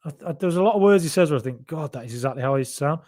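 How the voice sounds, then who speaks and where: This young podcast host from Solihull, Birmingham area, has a faded Birmingham accent and speaks very fast in a high-leaning, animated voice with a darkish tone. Reading out viewer comments, he rambles, corrects himself, and keeps the chat loose.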